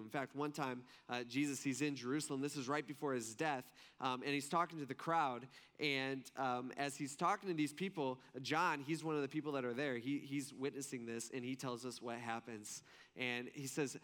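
A man's voice: fairly high pitch, a bit bright. A man preaching a sermon in a loose, conversational way, asking his listeners questions and restarting his sentences. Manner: conversational, questioning the audience, frequent fillers and restarts. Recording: long hall reverb.

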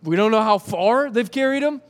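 A man's voice: high voice, lively intonation, moderate pace. A man preaching a sermon, retelling a scripture story with jokes and acted-out voices. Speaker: pastor.

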